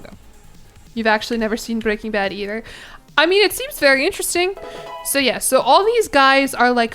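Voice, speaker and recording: A woman streamer chatting casually with her chat while playing a game, with giggly asides and thinking out loud. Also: fairly high pitch.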